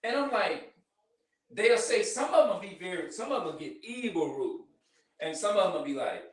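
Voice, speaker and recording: A man ranting casually to camera, talking rough, profane and repetitive, sounding frustrated. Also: high-pitched, sing-song, normal speed, no room sound. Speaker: vlogger.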